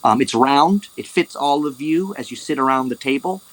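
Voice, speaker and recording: A man's voice: mid-range voice, expressive, normal speed, rough recording. A man narrating as game master, rambling, with lots of "like" and "um". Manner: rambling, heavy on "like" and "um". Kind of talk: narrating a tabletop game over a voice call.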